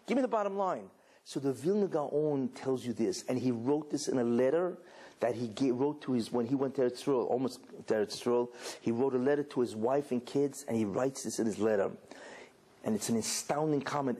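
A man giving a sermon as a rabbi, telling a story with animated delivery and many rhetorical questions. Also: a little high, breathy edge. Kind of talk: sermon to a live audience.

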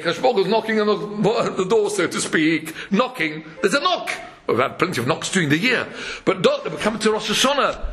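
A man's voice: high-pitched, moderate pace. A man giving a Torah sermon, chanting verses and acting out parables with frequent chuckles. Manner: animated, chants verses, acts out quotes, chuckles often. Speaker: Torah lecturer.

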